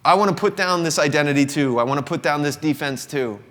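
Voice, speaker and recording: Quick and a bit bright, the voice of this Southern US man in his thirties sits on the high side. As a singer-songwriter, he gives a sincere, reflective confessional monologue to an audience inside a company showroom, with the room's long reverb audible.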